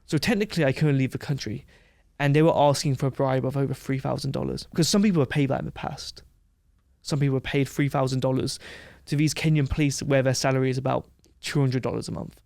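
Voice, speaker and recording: A man from England, a podcast guest telling a brash, animated story in casual chat. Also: mid-range voice, fast talker, gravelly, dry recording, clean studio sound.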